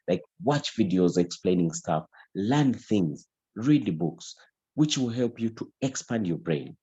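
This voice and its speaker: A man's voice: lowish voice, a little mellow, slightly rough, dry recording, dull audio. Emphatic male trainer. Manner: emphatic, repetitive, mixes in local language. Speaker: business trainer. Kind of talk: motivational training talk.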